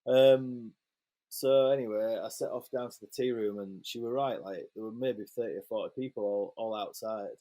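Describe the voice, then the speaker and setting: A man, a photographer guest telling a lively, sweary anecdote in a casual interview and acting out the quotes. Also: lowish voice, normal speed.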